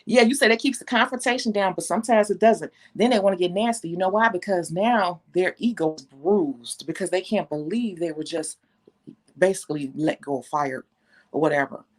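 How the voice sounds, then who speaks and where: A woman's voice: on the low side, normal speed. A woman nail technician talking casually and bluntly to her viewers, telling stories with slang and the odd curse. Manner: candid, blunt, animated storytelling with slang and cursing. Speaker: nail technician and channel host. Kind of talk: casual talk to viewers, reading live comments.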